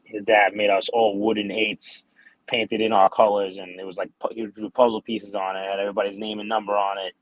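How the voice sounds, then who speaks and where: A man's voice: on the low side, flat delivery, a little fast, no echo, poor audio. A man in his twenties from New York, a podcast guest telling hockey stories in a rambling, laid-back way with lots of fillers. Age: 20s. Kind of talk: casual interview chat.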